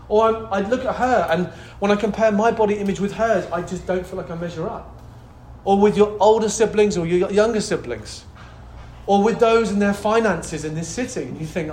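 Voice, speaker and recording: A man preaches in a high, lively voice, dropping to a hush and then rising to loud exclamations as he calls out for hallelujahs. His sermon rings through an echoey church hall. A faint background ambience sits under the room. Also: moderate pace, a little hiss or hum. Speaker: pastor.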